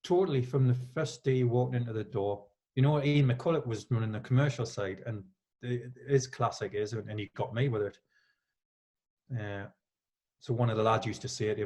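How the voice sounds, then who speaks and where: A Geordie man in his fifties, a former footballer, chatting in a relaxed way and telling anecdotes as a podcast guest. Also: mid-range voice, normal speed. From Newcastle, England. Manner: storytelling, acts out quoted lines with laughs.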